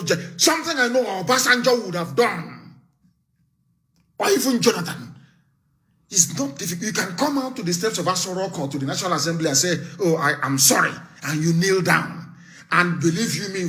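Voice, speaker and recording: A man's voice: high-pitched, sharp tone. Fiery man. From Nigeria. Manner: fiery, scornful and emphatic, with repeated warnings. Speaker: activist leader. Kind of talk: live political broadcast speech.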